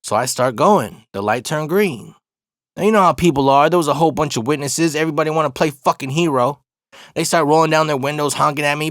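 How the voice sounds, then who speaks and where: A man from Arizona casually telling a personal story, profane and slang-heavy, with animated retelling. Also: on the high side, quick pace, no echo, clean studio sound. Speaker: storyteller host.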